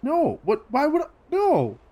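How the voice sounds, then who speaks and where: A man's voice: extremely high pitch, huge pitch swings, a little slow, mellow. Playful male player. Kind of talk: in-character tabletop play.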